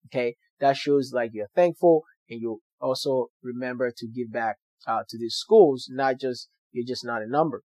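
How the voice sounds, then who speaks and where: A man's voice: medium pitch, moderate pace, few pauses, a little mellow, dry recording. A young man earnestly telling a personal story to viewers, with motivational emphasis. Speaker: doctor sharing his story.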